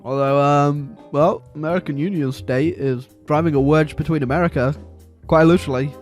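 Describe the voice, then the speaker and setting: A young man giving casual, joking commentary over a strategy game he is playing, chatty and excitable with lots of fillers. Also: a little high, a little fast, faint music behind. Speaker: gaming video host.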